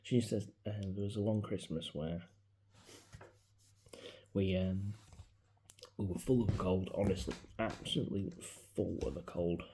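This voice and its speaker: A man, talking casually and reflectively into his phone in a personal vlog, his voice often dropping to a soft mutter. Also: low voice, steady tone, measured pace, pauses often, slight background noise. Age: 40s. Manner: rambling, reflective, grieving, drops into soft mutters. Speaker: vlogger. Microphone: mobile phone.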